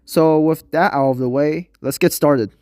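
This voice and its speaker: A man's voice: fairly high pitch, measured pace, darkish tone, no room sound, clean studio sound. A young man with a nasal voice talking casually about a mobile game he plays, hesitant and rambling, with many fillers and restarts. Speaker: gaming video creator. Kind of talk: casual gameplay commentary.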